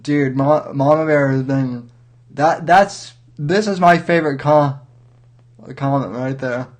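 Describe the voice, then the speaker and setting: A man hosting a livestream, giving rambling, wry commentary and halting with many restarts. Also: fairly high pitch. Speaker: livestream host.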